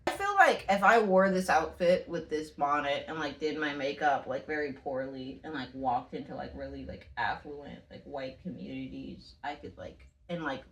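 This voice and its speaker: A woman's voice: low-pitched, normal speed, hardly any pauses, reverberant. A woman co-hosting a casual comedy podcast, ranting with lots of swearing and breaking into laughter. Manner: animated, profane rants that break into laughter. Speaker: podcast co-host.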